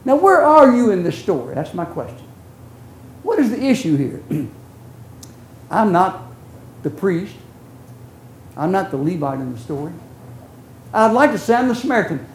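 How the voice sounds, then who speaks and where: An older man preaching a sermon, telling stories in a folksy, earnest way that swings from loud to hushed. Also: sits high, big pitch swings, unhurried, pauses often, echoey room, slight background noise, low-quality recording. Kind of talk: sermon storytelling.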